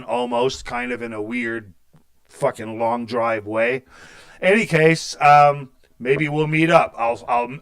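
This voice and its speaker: A man's voice: mid-range voice, a bit bright. A man hosting a metal radio show, chatting loosely and rambling, with a lot of swearing. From Canada. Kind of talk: casual metal radio chat.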